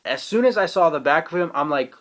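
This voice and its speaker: Excitable, profane young man reviewer. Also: a little high, fast. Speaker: manga reviewer. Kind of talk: casual video review.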